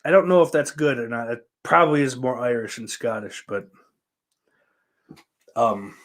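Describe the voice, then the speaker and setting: A man's voice: medium pitch, measured pace. Profane rambling male podcast host. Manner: profane, loose and rambling, with sudden loud bursts. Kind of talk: rambling solo podcast chat.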